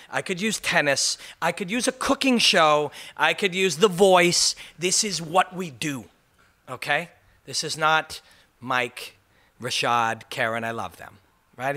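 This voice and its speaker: Mma commentator guy ranting to camera, swears a lot, higher voice, bright and pushy. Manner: passionate, profane, emphatic. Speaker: MMA commentator and video host.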